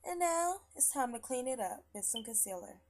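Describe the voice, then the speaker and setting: A young woman vlogger, chatty and rambling, swearing freely as she gives shout-outs and walks through her everyday makeup routine at home. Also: fairly high pitch, lively intonation, moderate pace. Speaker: beauty vlogger. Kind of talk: casual makeup tutorial. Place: at home after work.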